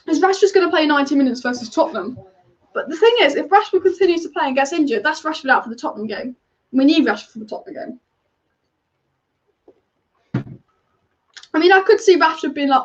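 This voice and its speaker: A high-voiced woman with lively intonation runs a live football watch-along on her fan channel, and the recording's highs are cut off. She keeps up a fast, opinionated chatter about the match and reads viewer comments aloud.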